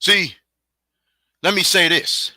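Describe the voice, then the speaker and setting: A man with a high, piercing, tense voice rants angrily on his solo podcast, hurling taunts at his listeners. The sound is close and completely dry, with no room around it. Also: steady tone, slow, bright, forceful tone, dry recording. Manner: heated, profane, taunting with repeated challenges. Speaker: podcast host. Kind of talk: angry solo podcast rant.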